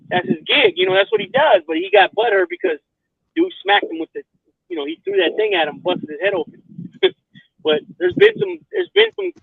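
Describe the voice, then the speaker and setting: A man's voice: extremely high pitch, gravelly, dry recording. A man in casual chat, rambling and swearing, often asking whether you follow him. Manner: profane, rambling, keeps asking "you know what I mean". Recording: tinny phone line, dry.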